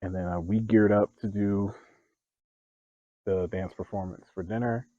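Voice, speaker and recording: A young man telling stories from his life in a casual vlog, animated, laughing and growing loud when excited. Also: on the low side, unhurried, dry recording, lo-fi sound. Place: outdoors.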